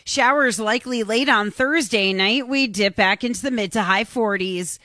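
A woman reading a radio weather forecast in an upbeat, crisp manner. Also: a little high, normal speed, sharp tone, no echo. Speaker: weather presenter.

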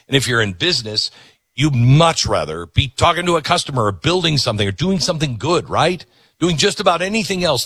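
A man hosting an opinionated talk show with a lively, swinging delivery and plenty of sarcasm. His voice is bright and a little husky, close and dry in the studio. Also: medium pitch, no room sound. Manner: animated, sarcastic, ranting. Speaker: radio talk host.

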